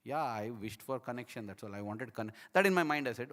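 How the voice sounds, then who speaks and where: A man giving a devotional talk as a personal testimony. He tells his story in an animated, emotional way and acts out the dialogue. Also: mid-range voice, brisk, long reverb tail. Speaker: speaker at a devotional program.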